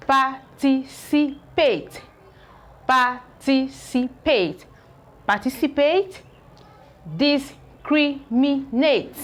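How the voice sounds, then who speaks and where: Slow, deliberate woman teaching pronunciation. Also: fairly high pitch. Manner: repeats each word slowly, syllable by syllable, then explains; frequent checking "okay?". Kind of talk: slow spoken pronunciation lesson.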